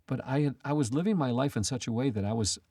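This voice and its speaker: A man's voice: mid-range voice, fast, darkish tone, no echo. A man co-hosting a Christian talk show, telling personal stories in a casual, rambling way with frequent restarts. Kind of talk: casual storytelling chat.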